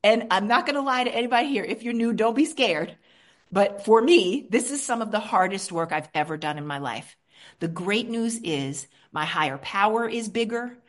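A woman from Queens, New York, with a mid-range voice at a moderate pace, candidly shares her recovery story at a support meeting. She speaks animatedly, shifting between soft and lively tones.

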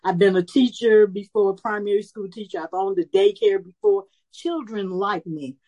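A woman of about seventy telling a personal story at a recovery meeting, lively and animated, acting out the voices she quotes. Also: mid-range voice, moderate pace, muffled recording. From Chicago area. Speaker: speaker sharing her story at a recovery meeting.

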